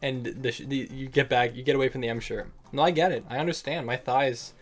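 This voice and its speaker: A man's voice: mid-range voice, steady tone, a little fast. A young man streaming and chatting casually with viewers, joking and laughing often and calling people bro and man. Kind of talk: casual livestream chat.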